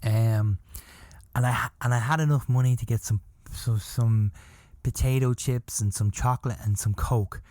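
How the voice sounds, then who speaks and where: Middle-aged guy on his podcast, rambling story, lots of cursing and "you know", mid pitch, dry sound. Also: fairly even intonation, normal speed, darkish tone, no echo. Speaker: podcast host. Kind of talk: casual storytelling.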